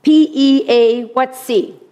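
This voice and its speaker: A woman's voice: sits high, fairly even intonation, slow pace, warm tone. Earnest woman teaching a faith group. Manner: earnest, acts out quoted speech in varied voices. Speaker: Bible teacher.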